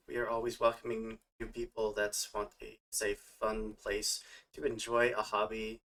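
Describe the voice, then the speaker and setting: A man who co-created the show gives halting, friendly thanks and invites listeners to join the community. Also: mid-range voice, a bit bright. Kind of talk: casual chat. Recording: distant from the mic.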